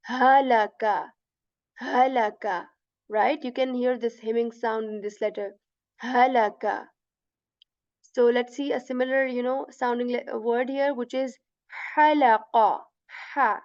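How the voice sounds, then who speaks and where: A woman teaching letter pronunciation step by step, patiently repeating each sound slowly and checking in with "right?". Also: on the high side, a little mellow, no echo, lo-fi sound. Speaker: Quran recitation teacher.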